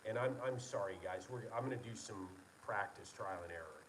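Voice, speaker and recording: A man's voice: on the low side, fairly quick, fairly bright tone, recorded from a distance, a little hiss or hum, poor audio. A man, a licensed engineer, talking casually and earnestly to an online meeting, rambling and correcting himself as he goes. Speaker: licensed engineer presenting to his company's followers.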